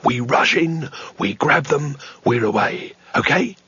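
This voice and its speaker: A man's voice: medium pitch, animated, takes it slowly, sharp tone, breathy edge, no echo, lo-fi sound, exaggerated voice. A man voicing a bossy, snappish male wizard who leads a gang. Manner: snarling, bossy.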